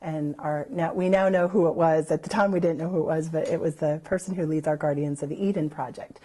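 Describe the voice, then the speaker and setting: Warm-voiced woman telling her church story. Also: sits low, brisk. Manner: rambling, heavy on "you know" fillers; lively when recalling others' words. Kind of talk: unscripted personal storytelling.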